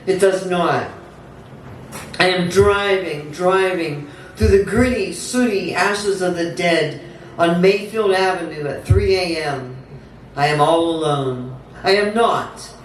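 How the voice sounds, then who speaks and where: A woman poet giving a live reading with a slow, incantatory delivery, repeating words for effect. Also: on the low side. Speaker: featured poet. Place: theatre stage. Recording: echoey theatre, distant mic, faint hum.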